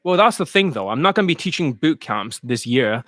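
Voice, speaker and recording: A man's voice: medium pitch, very animated, a little fast, a bit bright, no room sound, studio quality. A man coaching in a casual live-stream sales monologue, blunt and profane, rambling and slipping in and out of put-on accents. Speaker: dating coach.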